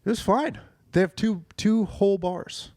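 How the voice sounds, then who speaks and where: A gravelly, creaky-voiced man co-hosting a podcast in loose, rambling banter. He swears freely, drifts between thoughts and slips into silly voices, recorded close and dry in a studio. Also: high-pitched, unhurried, a little mellow, no room sound. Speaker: podcast co-host.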